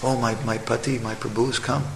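A man speaking as a devoted, chaste housewife, with a soft but steady manner, in an echoey hall. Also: fairly low pitch, normal speed. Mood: tender. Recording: echoey hall, faint ambience.

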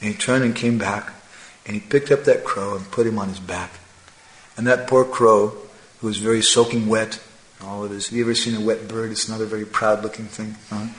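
A man telling a moral fable as part of a religious talk, animated, with frequent tag questions and chuckling asides. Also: fairly low pitch, fairly quick. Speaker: religious storyteller. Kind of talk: sermon storytelling. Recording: echoey room.

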